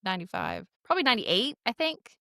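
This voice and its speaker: A woman's voice: mid-range voice, wildly swooping pitch, fast talker, gravelly, pushed and bright, dry recording, studio quality. A woman in her forties, a podcast guest telling a story casually and animatedly, full of "like" fillers.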